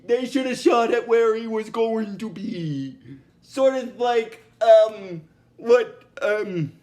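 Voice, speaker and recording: Very high-pitched, slow-talking man. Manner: rambling, with many restarts and fillers; bursts into giggly fits. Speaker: episode recap vlogger. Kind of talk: casual episode recap.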